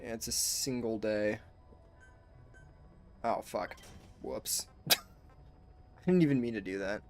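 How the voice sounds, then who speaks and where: A man's voice: fairly low pitch, takes it slowly, soft background music. A man giving casual gameplay commentary, laid-back, swearing and saying bro. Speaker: gamer.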